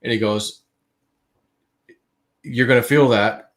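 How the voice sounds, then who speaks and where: A man's voice: medium pitch, fairly even intonation, slow pace. A man on a livestream telling a long dream story in a casual, rambling way, full of fillers and restarts. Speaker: guest.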